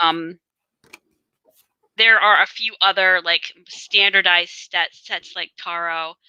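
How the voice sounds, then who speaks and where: A woman's voice: lowish voice, steady tone, takes it slowly, pushed and bright, smooth, dry recording, muffled recording. A woman co-hosting a podcast, explaining casually with many fillers. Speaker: podcast co-host.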